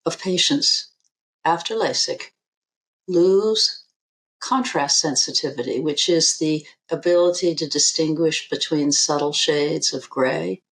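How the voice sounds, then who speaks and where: A woman, an eye surgeon on a podcast interview, speaking in a measured, emphatic way and repeating her key figures. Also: sits low, fairly bright tone.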